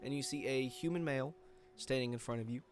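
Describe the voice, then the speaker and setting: A man in a middling pitch runs a tabletop game as game master. He narrates loosely and casually, with lots of "uh" and "like." His tone stays laid-back throughout. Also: fast talker, faint music behind. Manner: relaxed, filler-heavy narration.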